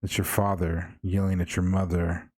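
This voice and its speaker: A man narrating as game master of a horror tabletop game, slow and measured, with repeated refrains. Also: deep voice, little pitch movement, a little mellow, dry recording.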